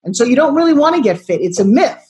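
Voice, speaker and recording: A woman in her sixties speaks bluntly and forcefully as a motivational coach in an interview. Her voice sits a little high for a woman. She keeps driving home her point and presses her guest with the same questions again and again. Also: very animated, fast talker. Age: 60s.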